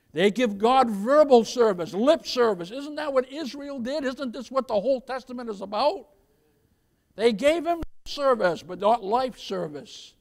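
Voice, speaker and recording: A male pastor preaching a sermon emphatically, often calling his listeners "beloved" and asking them for an amen. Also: high-pitched.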